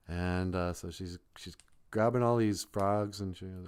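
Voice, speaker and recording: A man's voice: deep voice, normal speed, a little mellow, clean tone. A man hosting a live stream, telling a comic folk tale in a loose, off-the-cuff, joking way. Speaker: live-stream host and storyteller. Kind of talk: rambling comic storytelling.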